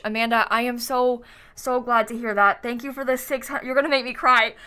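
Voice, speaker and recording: A woman's voice: a little high, flat delivery, a little fast, sharp tone, smooth. A woman live-streaming a life-sim game, chatting casually, thinking aloud as she builds and thanking viewers by name with frequent giggles.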